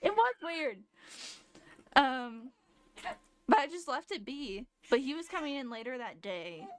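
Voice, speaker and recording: Young woman, casual live-stream storyteller, slightly higher pitch, loose and meandering with frequent restarts. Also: big pitch swings, measured pace, slight background noise. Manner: rambling, lots of fillers and restarts.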